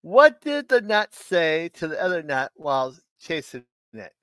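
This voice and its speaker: A middle-aged man hosting a live stream, telling dad jokes in a slow, halting way and chuckling at his own punchlines. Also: a little high, sing-song, sharp tone, dry recording. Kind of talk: casual live-stream chat.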